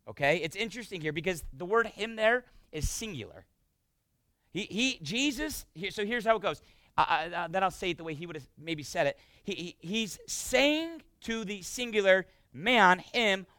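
A male pastor preaching a sermon, emphatic and swinging between loud bursts and hushed passages. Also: sits high, big pitch swings, moderate pace, dry recording.

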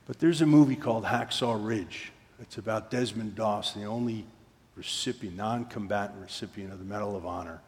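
In a church sanctuary, a pastor with a lowish, darkish voice preaches a sermon from the pulpit at normal speed, telling it as a story. He often drops to a near-whisper for quoted moments, and his voice carries through the large hall.

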